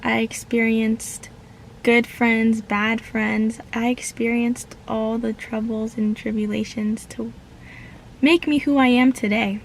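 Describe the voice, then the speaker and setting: Slow, earnest young woman vlogger. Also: fairly high pitch, little pitch movement, gravelly, a little hiss or hum, low-quality recording. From United States. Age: young adult. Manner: earnest and heartfelt, slow with pauses. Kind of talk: reflective personal vlog.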